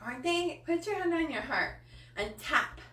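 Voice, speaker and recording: A woman with a bright, fairly high voice speaks passionately to her live-stream viewers, often close to tears and full of fillers. The sound is roomy and comes from slightly off the mic. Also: expressive, moderate pace, recorded from a distance. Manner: passionate and emotional, with many fillers. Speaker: coach hosting a live body-image training.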